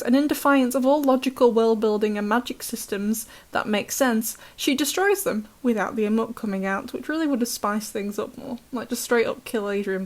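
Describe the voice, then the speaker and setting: A British woman recapping a cartoon episode in chatty, sarcastic commentary, laughing often. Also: on the high side. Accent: British English. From Britain.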